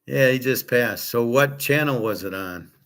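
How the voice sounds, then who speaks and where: A livestream host with a medium-pitched, somewhat bright voice speaks at a moderate pace. He chats casually and rambles as he answers viewers' questions, wandering off topic and staying blunt and opinionated.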